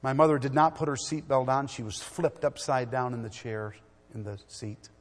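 Middle-aged preacher guy, goes loud then quiet telling stories, normal pitch, long echo in a church hall. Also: normal speed. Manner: swings from loud exhortation to quiet storytelling. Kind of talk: sermon.

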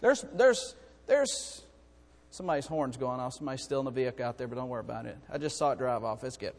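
A man preaching a sermon to his congregation, swinging from soft, musing asides to loud, rising calls, with frequent restarts and jokes with the crowd. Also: mid-range voice, expressive, fast talker, creaky, long reverb tail. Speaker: pastor. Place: church sanctuary.

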